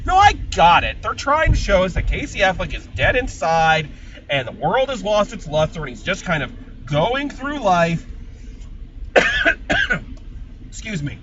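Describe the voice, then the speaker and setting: Casting: male film reviewer ranting in his car, high lively voice, distant and dull-sounding with road noise. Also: a little slow, long pauses. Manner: sarcastic, exasperated, swings into loud ranting. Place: inside a car.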